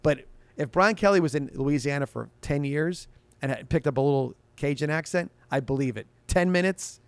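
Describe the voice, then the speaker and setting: A man's voice: on the high side, moderate pace, smooth, dry recording. A man hosting a sports radio show, answering listener questions in a loose, rambling way and often restarting his sentences. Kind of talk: casual sports talk show chat.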